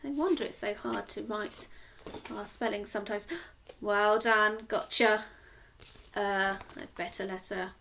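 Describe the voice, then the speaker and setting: A woman teacher from Cornwall slowly sounding out words in a sing-song phonics lesson for young children. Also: mid-range voice, fairly even intonation, a bit bright, slight background noise. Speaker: primary school teacher.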